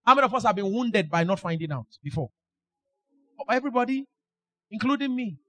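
Male preacher, high and ringing, sing-song delivery that bursts into shouts. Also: expressive, a little fast, soft background music. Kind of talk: sermon.

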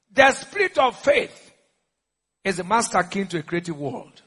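A Nigerian man preaching in an echoey church hall, pitching his voice high and bright. His delivery is emphatic and lively, full of call-and-response questions to the crowd. The voice has a husky edge. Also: moderate pace, long pauses. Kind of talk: sermon.

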